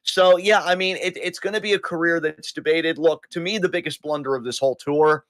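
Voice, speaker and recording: A man's voice: fairly high pitch, fairly quick, a bit bright, no echo. A man co-hosting a weekly podcast in casual chat, rambling and correcting himself as he goes. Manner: rambling, self-correcting, chatty. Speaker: podcast co-host.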